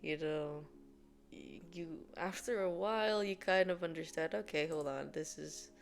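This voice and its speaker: A woman's voice: low voice, measured pace, vocal fry, soft background music. A woman hosting a casual explainer video, rambling with lots of fillers and laughing often. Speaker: video host.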